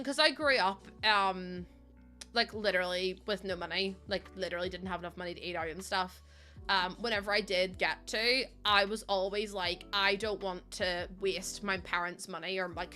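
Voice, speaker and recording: A young woman in her late twenties streams a life-sim game and chats away in a rambling, laughing way. Her voice is bright and forward at a middle pitch, with faint game music underneath. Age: late 20s. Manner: chatty, rambling, laughs often. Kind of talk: casual chat while playing a game.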